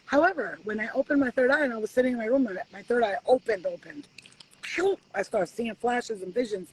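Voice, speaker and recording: A woman giving spiritual readings at home in a casual live-stream chat, animated and swearing freely as she acts out conversations with spirits. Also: a little high, fairly quick, slight background noise, rough recording. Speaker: spiritual reader.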